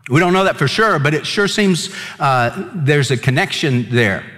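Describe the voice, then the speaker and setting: A man's voice: lively intonation, fairly bright tone. Earnest man preaching with long reverb. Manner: earnest preaching, slows and drops low to stress words. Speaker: pastor. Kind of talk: sermon.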